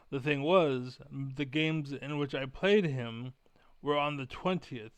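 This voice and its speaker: A man's voice: medium pitch, clean tone, no room sound. A young man ranting profanely to camera as a gaming vlogger, repeating himself as he vents. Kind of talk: angry rant to camera.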